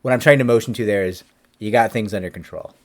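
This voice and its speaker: A man in his forties, an employment attorney, answering a viewer's question in a casual, animated talk to camera. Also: fairly low pitch, quick pace. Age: 40s. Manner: animated, conversational, acts out quotes.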